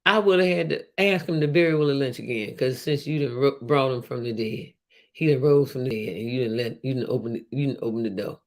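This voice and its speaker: A woman's voice: very deep voice, brisk. A woman hosting a casual livestream, talking emphatically with many restarts and repetitions and reading out viewer comments. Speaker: host of a livestream show.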